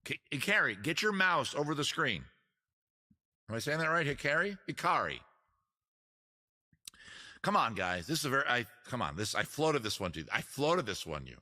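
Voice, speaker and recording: A man's voice: mid-range voice, very animated, fairly quick, bright, forceful tone. A man hosting a casual live-stream trivia quiz, joking around and teasing the players. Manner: joking, teasing, crude asides. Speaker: host running a trivia quiz.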